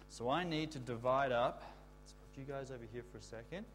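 A man giving a children's talk in church, explaining a word and leading the kids in call-and-response shouts. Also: medium pitch, a little fast, slight background noise. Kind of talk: children's sermon.

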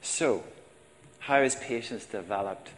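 A man's voice: lowish voice, slow pace, in a large hall. A man preaching a sermon, talking plainly and calling his listeners folks. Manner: conversational, addresses congregation as folks. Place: church.

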